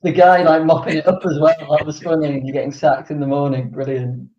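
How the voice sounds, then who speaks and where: A man's voice: a little high, quick pace, a crowd in the background. Man in his forties, echoey lo-fi. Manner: relaxed, chatty, amused. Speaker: podcast guest. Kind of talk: casual podcast chat. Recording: echoey, dull lo-fi remote audio.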